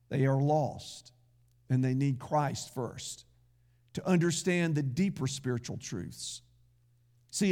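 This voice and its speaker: A man's voice: sits high, darkish tone. A man pastor preaching a sermon in a folksy, conversational way, with asides to the congregation.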